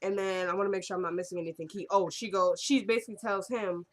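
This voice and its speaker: A woman talks through a TV episode recap in a relaxed, chatty vlog style. She retells each scene line by line and drops in lively, laughing asides. Her voice sits in a middle pitch range. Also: fast.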